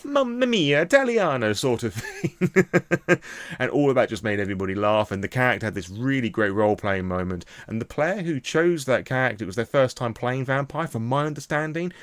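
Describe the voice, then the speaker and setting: A man's voice: mid-range voice, fast talker, few pauses, no echo. A young British man recapping a tabletop session as its game master, rambling enthusiastically with lots of fillers. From Britain. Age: young adult.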